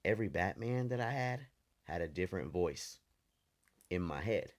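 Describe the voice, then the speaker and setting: A man's voice: low voice, expressive, normal speed. A man co-hosting a podcast, telling candid stories from childhood in a loose, casual way. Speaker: podcast co-host. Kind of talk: casual chat.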